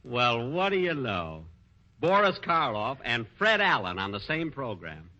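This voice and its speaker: A middle-aged man hosting a 1940s radio comedy, playing a vain, easily exasperated version of himself with sharp comic timing. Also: mid-range voice, wildly swooping pitch, a little slow, dull audio. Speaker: comedian host. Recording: noisy 1940s radio broadcast.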